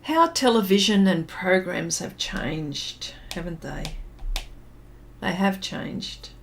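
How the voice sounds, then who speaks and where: Slow and gravelly with lively intonation, a lowish-voiced middle-aged woman hosts an art livestream over slight background noise. She reminisces and rambles casually while drawing and reading viewer comments, full of fillers and laughs.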